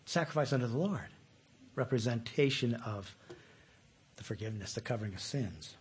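A man preaching a sermon in a relaxed, conversational way who often puts questions to his listeners. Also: mid-range voice, moderate pace, a little hiss or hum. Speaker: pastor.

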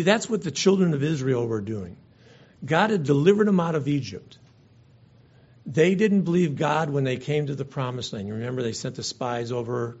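A man's voice: medium pitch, a little mellow, breathy edge. A man preaching a sermon as pastor, earnest and conversational, sometimes restarting his words. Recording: dull lo-fi recording.

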